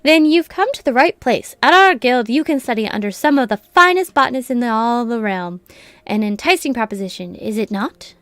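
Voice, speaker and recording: A woman's voice: fairly high pitch, animated, normal speed, a bit bright, dry recording. A woman reading the lines of a welcoming, long-winded guild lecturer aloud from a game, in a chatty lecturing way.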